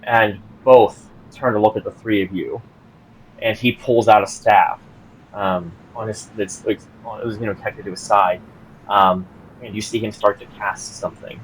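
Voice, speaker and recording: A man's voice: fairly low pitch, fairly even intonation, moderate pace, slight background noise, rough recording. A man narrating as game master of a tabletop game, hesitant, with lots of ums and restarts.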